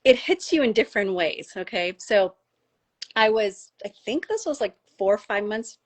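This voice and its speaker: A middle-aged woman from the United States, a doctor telling a personal story in casual conversation, animated and rising high when she gets emotional. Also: normal speed. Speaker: doctor and podcast guest.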